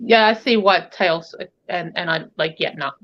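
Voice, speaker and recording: A woman's voice: lowish voice, normal speed, muffled recording. An Australian woman chatting casually as co-host, playful and teasing. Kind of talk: casual chat.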